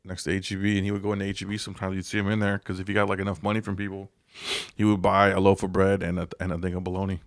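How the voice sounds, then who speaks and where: A comedian rambling through profane stories in a casual podcast chat. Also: male voice, low-pitched, flat delivery, rapid-fire, no echo, studio quality.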